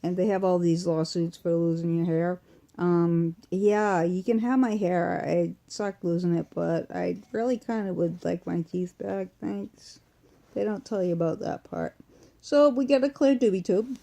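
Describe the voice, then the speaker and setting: Fairly low in pitch and dark in tone, this woman's creaky voice keeps a measured pace. A vlogger with a Massachusetts accent, she's sick and weak, rambling casually through an unboxing full of fillers and restarts, filmed at home on a phone or webcam placed close in front.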